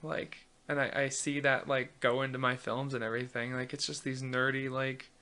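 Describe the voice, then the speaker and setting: Gravelly-voiced young man rambling casually. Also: medium pitch, moderate pace. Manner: chatty, many fillers and restarts, animated storytelling. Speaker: host.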